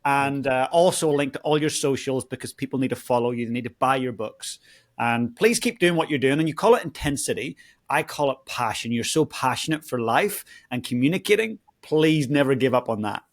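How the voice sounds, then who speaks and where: A man's voice: mid-range voice, animated, a little fast. A man with an Irish accent hosting a podcast interview, encouraging and appreciative toward his guest. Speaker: podcast host.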